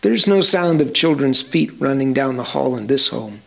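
A man telling a story in a sermon, slowly and dramatically, speaking directly to his listeners. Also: mid-range voice, lively intonation, gravelly. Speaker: storyteller preacher.

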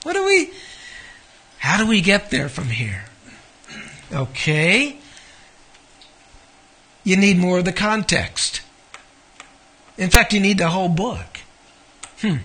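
A man's voice: sits high, very animated, takes it slowly, pauses often, pushed and bright, breathy edge. A man teaching a Bible study, conversational and asking his listeners questions. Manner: conversational, asks the audience questions.

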